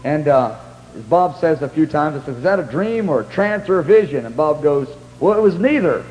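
A man's voice: sits high, expressive, moderate pace, a little mellow, long reverb tail, a little hiss or hum, low-quality recording. A man preaching in a storytelling style, rambling through anecdotes with restarts and acting out what others said. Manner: rambling anecdotes with many restarts and acted-out quotes. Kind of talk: storytelling sermon.

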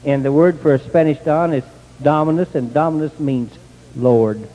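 A man's voice: on the high side, normal speed, highs cut off. Older man telling folksy stories. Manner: plain country speech, rising to excited outbursts. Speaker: testimony speaker. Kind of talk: folksy storytelling. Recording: long hall reverb.

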